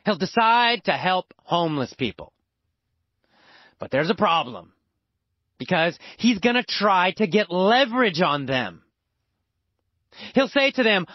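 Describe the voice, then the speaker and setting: A man teaching English by telling a simple story slowly, with exaggerated, repetitive emphasis. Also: dry recording. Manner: exaggerated, repetitive, animated storytelling with big pitch swings. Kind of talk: slow, emphatic storytelling lesson. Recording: dull lo-fi, dry recording.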